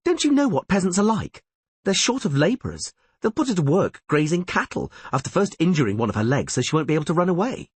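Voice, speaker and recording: A man voicing a sharp-tongued, protective young outlaw with a scornful, heated way of talking. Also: sits high, very animated, fast talker, husky, no room sound, voice pushed up, exaggerated voice.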